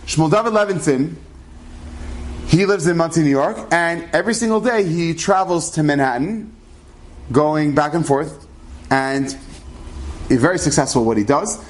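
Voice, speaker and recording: A man with a fairly high voice tells a story out loud. He speaks casually. He changes his voice for the people he quotes. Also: normal speed, pauses often. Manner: animated, acts out quoted voices.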